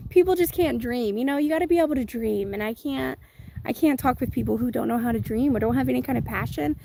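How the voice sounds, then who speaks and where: A woman's voice: fairly high pitch, quick pace, gravelly, dark tone, slight background noise. A woman hosting a casual live chat outdoors, reading viewer comments, chatty and giggly with a self-deprecating humor. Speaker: livestream host.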